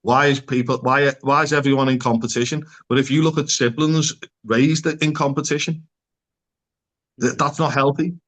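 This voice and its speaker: A man's voice: mid-range voice, fairly even intonation, normal speed, fairly bright tone. A man who is a psychotherapist, talking as a podcast guest in an earnest, conversational way and often posing rhetorical questions.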